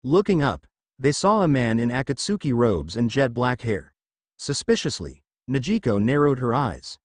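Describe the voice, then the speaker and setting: Man, fan fiction narrator, expressive storytelling, lively pitch, dry close recording. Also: moderate pace, no room sound.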